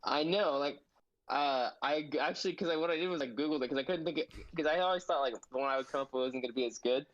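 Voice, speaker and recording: A man's voice: a little high, quick pace, lo-fi sound. A man co-hosting a casual podcast, rambling and restarting his sentences. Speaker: podcast co-host. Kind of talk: casual chat.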